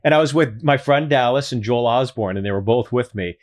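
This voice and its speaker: A man's voice: medium pitch, a little fast, over a noisy crowd. A man from Pittsburgh telling heated, profane anecdotes as a guest in a casual podcast chat.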